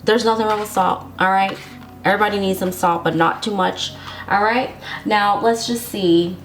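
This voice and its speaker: A woman's voice: medium pitch, fairly even intonation, normal speed, soft background music. A woman giving a casual tarot love reading to her viewers, sassy and chatty, laughing often and talking straight to them. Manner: speaks directly to viewers, reassuring. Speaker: tarot reader.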